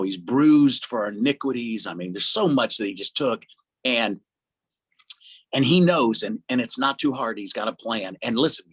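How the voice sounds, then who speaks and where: An older man preaching a sermon in a rambling, impassioned way with a husky voice. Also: medium pitch, fairly bright tone. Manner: rambling, impassioned, laughs often.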